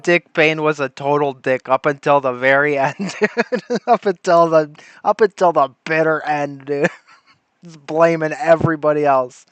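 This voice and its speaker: A man hosts a livestream and riffs over what he plays. His commentary is loose, irreverent and full of laughter. His voice sits a bit high, and the sound is dry and close to the mic. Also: measured pace, fairly bright tone, clean tone, no room sound. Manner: irreverent, laughing, says dude a lot. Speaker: livestream host. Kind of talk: casual commentary.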